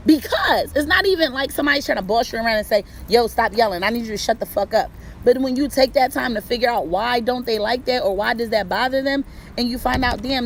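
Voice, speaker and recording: A woman hosting a casual talk on relationships, blunt and profane, with a loud way of talking. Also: a little high, slight background noise, low-quality recording. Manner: blunt, profane, streetwise, conversational. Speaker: host.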